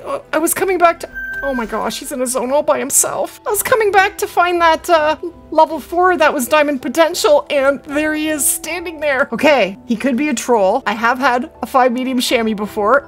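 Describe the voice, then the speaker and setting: A woman hosting a gaming channel, chatting through a hunting game and thinking aloud to her viewers. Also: sits high. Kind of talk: hunting game play commentary.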